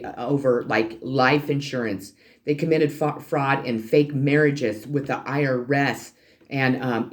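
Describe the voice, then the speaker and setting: A tarot reader talking to a channel's viewers, ranting in a heated, profane and preachy way and calling out to them as people. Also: mid-range voice. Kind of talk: ranting spiritual card reading for a channel.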